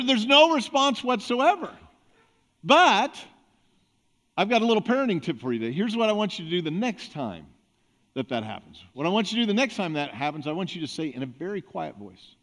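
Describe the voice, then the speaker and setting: A man's voice: high-pitched, fairly bright tone. A man pastor preaching a conversational sermon, acting out little everyday examples. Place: church sanctuary.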